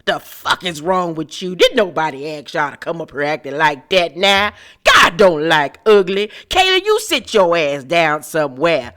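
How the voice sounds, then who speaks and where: A woman voicing an older woman elder who scolds rowdy younger women, loud and profane. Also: lowish voice, sing-song, normal speed. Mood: scolding.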